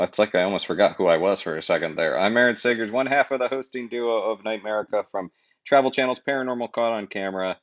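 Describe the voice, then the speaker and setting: A man's voice: on the low side, fast, highs cut off. A man co-hosting a podcast, chatting casually with jokes, rambling asides and a lot of self-interruptions. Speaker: podcast co-host.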